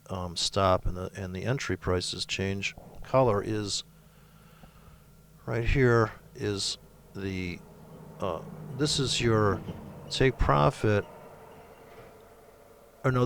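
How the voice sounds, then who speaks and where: A man's voice: fairly low pitch, creaky, fairly bright tone, slight background noise. A man giving a casual screen-share trading tutorial, rambling through it with sarcastic, crude asides. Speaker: forex trading presenter.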